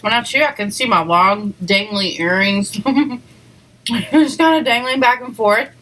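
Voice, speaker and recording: A woman's voice: a little high, unhurried, a bit bright, a little hiss or hum, rough recording. A woman hosting a casual eating video, chatting to viewers between bites with lots of "like" and "um" and small giggles. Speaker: eating show host. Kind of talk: casual mukbang chat to viewers.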